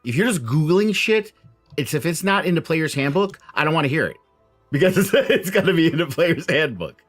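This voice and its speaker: A man's voice: a little high, a little fast, faint music behind. A man chatting casually as game master after a tabletop campaign, rambling with lots of fillers. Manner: rambling, filler-heavy, animated.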